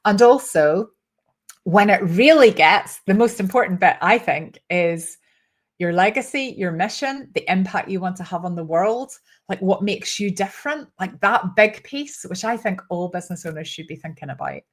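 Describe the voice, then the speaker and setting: A woman's voice: mid-range voice, expressive, normal speed. Chatty woman with a Northern Irish-Scottish lilt. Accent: mix of Northern Irish and Scottish. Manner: chatty, keeps asking "right?", shifts pace a lot. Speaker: host. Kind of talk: casual solo talk to camera.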